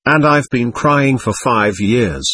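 A husky-voiced man reading the lines of a passionate, quick-tempered young woman in an audiobook. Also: mid-range voice, lively intonation, pushed and bright, dry recording, exaggerated voice. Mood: furious. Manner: furious, cutting.

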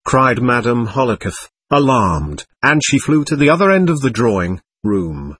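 A man narrating a classic novel as an audiobook, with expressive, dramatic storytelling. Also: medium pitch, moderate pace, slightly rough, dry recording.

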